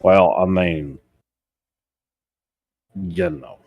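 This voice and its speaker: A man's voice: deep voice, huge pitch swings, drawn-out words, gravelly, phone-quality sound. A man chatting casually as a co-host, telling laid-back stories and swearing now and then. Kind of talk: casual chat.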